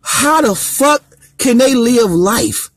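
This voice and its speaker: High-voiced man in a brash, profane rant. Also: expressive, slow, fairly bright tone, no room sound. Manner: brash, profane, sing-song preaching delivery. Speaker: comedian. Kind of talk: profane live-stream rant.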